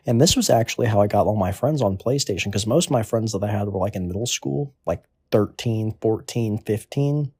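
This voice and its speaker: A man's voice: on the low side, expressive, normal speed, husky, no room sound, studio quality. A man in his twenties delivering a crude comedic monologue in a rambling, offhand way. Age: 20s. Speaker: comedic storyteller.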